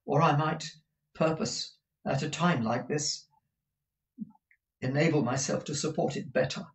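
A man voicing a grieving young woman in mourning, speaking softly and with restraint in a storybook reading. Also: fairly high pitch, unhurried, creaky, recorded from a distance, voice pushed up. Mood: sorrowful.

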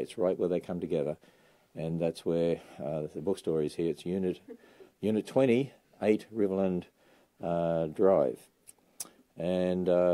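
A man's voice: low voice, dark tone. A man in his sixties with an Australian accent, chatting casually and enthusiastically on a livestream from inside a bookstore. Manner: enthusiastic, chatty, lots of uh fillers. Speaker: ministry leader giving a livestream tour. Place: bookstore indoors.

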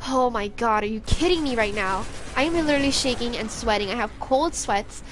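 Young woman, game streamer, high voice, swearing and jittery, faint background hiss. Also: fairly quick. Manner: profane, jittery, excitable. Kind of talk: frantic gameplay commentary.

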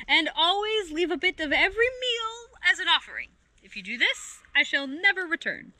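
Storybook read-aloud: a young girl hyena faking a lofty spirit voice, slow and commanding, high and bright, as a woman puts her on. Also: sing-song, dry recording, heavily acted. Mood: solemn. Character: young female hyena posing as a solemn spirit.

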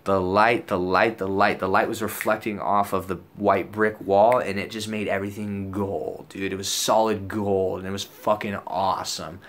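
A young man casually telling a story out loud, animated and profane, full of slang and acted-out lines from other people. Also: sits low, normal speed, hardly any pauses, a little hiss or hum.

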